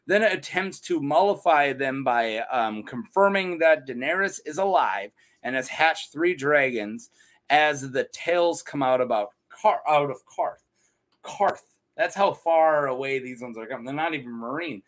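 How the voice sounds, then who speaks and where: A man casually retelling fantasy lore as a channel host, jokey and animated, laughing at his own asides. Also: fairly high pitch, unhurried.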